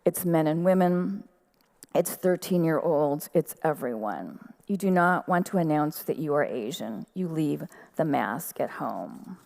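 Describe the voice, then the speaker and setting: Woman reading her own story aloud, lowish voice, slow and deliberate. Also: lively intonation, vocal fry, a little mellow. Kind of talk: literary reading. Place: outdoor festival stage.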